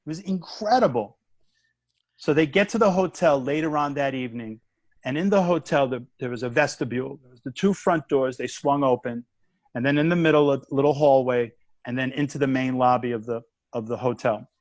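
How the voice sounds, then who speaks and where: In a casual chat, an American guest comedian tells an animated story, acting out the voices and the punchline. His medium-pitched voice is brisk, and there is no room sound.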